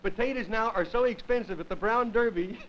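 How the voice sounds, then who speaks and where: A man's voice: high voice, fairly quick, fairly bright tone. A comedian man from the United States, telling a rambling stand-up monologue to a studio audience and chuckling at his own jokes. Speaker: comedian host. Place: television studio with live audience. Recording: dull lo-fi 1950s television audio with faint hiss.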